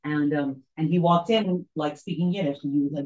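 A woman telling a story to a group, halting and full of fillers and restarts, as a tour guide. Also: low voice, a little mellow. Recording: dull lo-fi recording.

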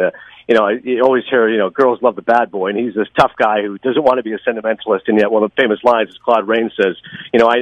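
A man talking about films on a podcast, fast and enthusiastic, with lots of opinions. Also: medium pitch, dry recording, highs cut off. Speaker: podcast guest, film critic. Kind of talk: casual podcast chat.

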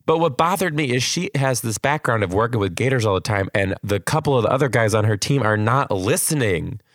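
Lively-voiced man chatting casually. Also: mid-range voice, brisk, no room sound, studio quality. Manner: animated, laughs while talking. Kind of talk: casual chat.

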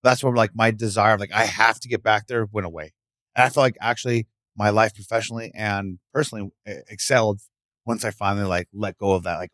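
Lively middle-aged man telling stories. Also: lowish voice, fast talker, no room sound, studio quality. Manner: animated, acts out voices in stories. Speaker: guest. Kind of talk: casual interview storytelling. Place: podcast studio.

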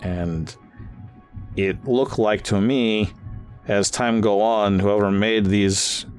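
A man voicing a wary male space arms dealer who talks in halting broken English. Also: on the low side, fairly even intonation, a little mellow, clear, resonant tone, soft background music. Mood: grave.

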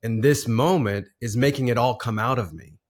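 A man's voice: mid-range voice, normal speed. A man in his forties, a podcast guest, telling a personal story in a casual, earnest way with frequent laughs and restarts.

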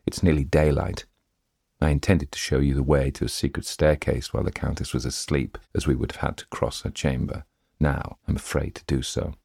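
A man's voice: very deep voice, little pitch movement, brisk, creaky, darkish tone, slightly rough, dry recording, studio quality, full character voice. A man reading a story aloud and voicing a frightened young woman in an alarmed, pleading way.

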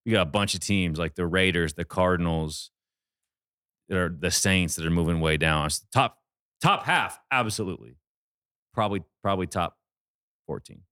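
A man hosting a casual sports betting chat, talking fast in animated bursts. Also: low voice, no echo, clean studio sound. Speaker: sports betting podcast host.

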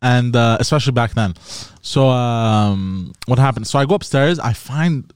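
Halting man recalling a drunk night. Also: mid-range voice, smooth, dry recording. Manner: halting, sheepish recollection with many fillers. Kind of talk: casual chat.

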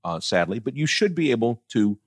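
A man's voice: medium pitch, sing-song, brisk, husky, dry recording, clean studio sound. A middle-aged man talking politics casually, blunt and profane, often laughing as he tells stories. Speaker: political commentator.

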